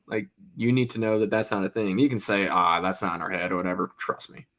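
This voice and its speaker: A man with a fairly low voice lays out firm opinions on a basketball team, pressing his case with rhetorical questions. He talks plainly and directly in a relaxed podcast conversation. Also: fast. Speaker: podcast co-host. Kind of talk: casual sports talk.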